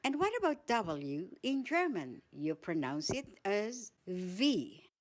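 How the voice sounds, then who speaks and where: A woman with a Filipino accent presenting a basic language lesson, saying each word slowly and repeating it. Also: mid-range voice, sing-song, a little mellow. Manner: slow, careful, repeats each word twice. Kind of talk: slow scripted language lesson.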